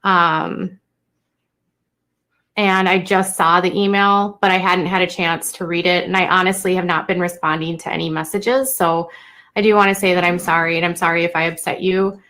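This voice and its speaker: A young woman speaks to her stream in a slightly low voice, halting and emotional. She restarts sentences often and fills pauses with fillers. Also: level tone, fairly bright tone. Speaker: YouTuber live-streaming to viewers. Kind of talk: unscripted live-stream talk to chat.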